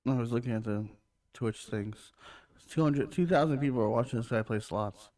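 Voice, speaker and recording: A man's voice: mid-range voice, normal speed, darkish tone, no room sound. A man co-hosting a casual podcast, bantering and joking. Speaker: podcast co-host. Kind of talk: casual chat.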